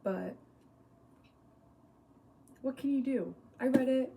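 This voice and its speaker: A woman's voice: high-pitched, takes it slowly, vocal fry, background noise. A young woman vlogging casually about a book she is reading, blunt and swearing freely, with trailing, hesitant asides. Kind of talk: casual chat to camera.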